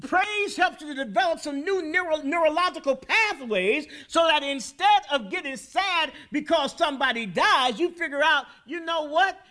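High-voiced, bright-toned preaching man. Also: expressive, normal speed, hardly any pauses. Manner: preaching with rising, shouted peaks and call-and-response. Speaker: pastor. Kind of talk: sermon. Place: church sanctuary.

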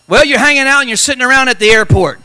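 A male pastor preaching a lively sermon with call-and-response asides and dramatic shouted peaks in a church. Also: extremely high pitch, very fast.

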